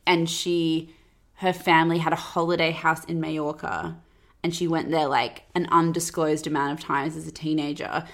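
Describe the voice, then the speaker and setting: A low-voiced woman hosts a casual podcast, dishing gossip with chatty sarcasm. She fills her sentences with "like". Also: flat delivery, normal speed. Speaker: podcast host.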